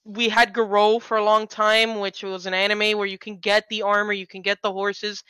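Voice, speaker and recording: A woman co-hosting a game podcast in a casual, eager ramble, full of quick asides. Her voice is bright and crisp. It sounds dry and close, with no room echo. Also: medium pitch, level tone. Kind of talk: casual game-discussion chat.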